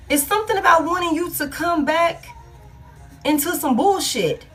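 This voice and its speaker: A woman's voice: very high-pitched, normal speed, fairly bright tone, faint music behind. Blunt, profane woman doing a tarot reading. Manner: casual, blunt and profane, thinking aloud. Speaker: tarot reader. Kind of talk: collective love tarot reading.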